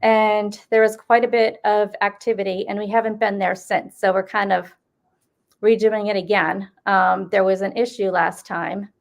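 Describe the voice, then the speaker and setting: Gravelly woman with an upstate New York accent. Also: medium pitch, steady tone, normal speed. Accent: upstate New York with a Boston mix. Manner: chatty, many fillers and restarts. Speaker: paranormal event organizer and co-host. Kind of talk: casual chat.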